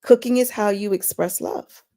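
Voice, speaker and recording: A woman hosting a casual, faith-based personal talk, chatty and animated, often repeating words as she goes. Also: medium pitch, moderate pace. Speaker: inspirational vlog host.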